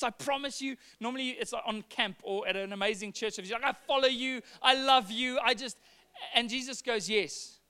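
Guy preaching, high bright clear voice, acts out the quotes. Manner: earnest, acts out quoted dialogue, some repeated words. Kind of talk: sermon.

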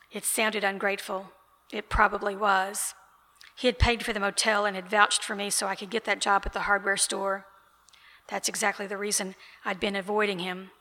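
An author reading her novel aloud at an indoor event, in a steady, even reading voice. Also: mid-range voice. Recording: reverberant event room.

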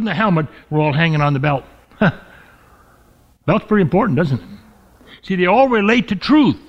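A male pastor delivers a sermon with emphatic, drawn-out stresses on key words. His voice sits fairly high, and he often sinks lower to drive a point home. The recording is dull and lo-fi. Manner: emphatic preaching, stretching key words and dropping low for stress.

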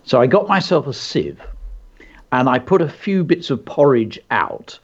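Unhurried and medium in pitch, this male host comes through on dull-sounding audio. In a casual, lively manner he swaps anecdotes and reads one of his own short stories, putting on voices for the characters.

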